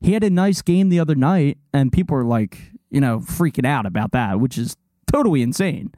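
A man's voice: mid-range voice, animated, fairly quick, warm tone, dry recording, clean studio sound. A young man co-hosting a casual sports chat, rambling and laughing as he talks. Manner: rambling, laughs often, mocking put-on voices. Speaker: podcast co-host.

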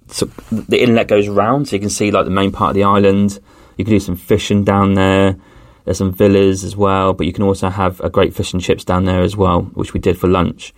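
Casting: male podcast host, deep gravelly voice, dry close sound, chatty rambling delivery. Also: no room sound. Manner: rambling, with many fillers and restarts. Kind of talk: casual travel storytelling.

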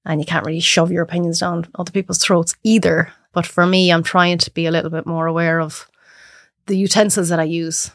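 Lively Irish woman telling stories. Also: fairly low pitch, a little fast, dry recording. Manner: animated storyteller who acts out voices. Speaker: cook and podcaster guest. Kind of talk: casual chat.

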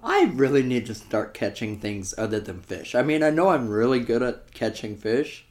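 A man's voice: mid-range voice, sing-song, moderate pace, a little mellow. A man co-hosting a podcast, talking casually and joking with easy laughter. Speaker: podcast co-host. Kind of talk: casual chat.

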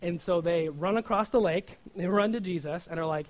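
Guy preaching, kinda high voice, super casual, keeps saying right?. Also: moderate pace, few pauses, low-quality recording. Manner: informal, often asks "right?", acts out quoted prayers. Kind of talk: conversational sermon.

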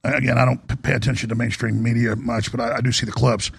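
Male broadcast host, very gravelly, husky tone, rambling monologue with restarts and emphatic bursts. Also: medium pitch, little pitch movement, fast talker, no room sound, clean studio sound. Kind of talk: monologue commentary. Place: broadcast studio.

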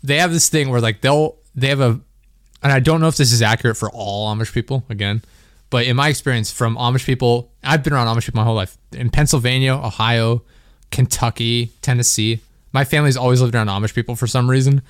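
A male podcast host who tells stories animatedly in casual chat, laughing and swearing often. His mid-pitched voice sounds dry and close to the mic. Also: fairly even intonation, fast talker, dry recording.

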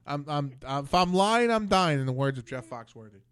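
A man's voice: fairly high pitch, animated, fairly quick, a bit bright, clear, resonant tone, no room sound. A man hosting a casual talk show, telling rambling, profane stories with many restarts. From Philadelphia area. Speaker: podcast host. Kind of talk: casual chat.

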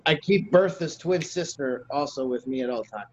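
A young man in casual podcast chat, making blunt, deadpan tough-guy jokes. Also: medium pitch, moderate pace, highs cut off, slight background noise. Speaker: podcast guest.

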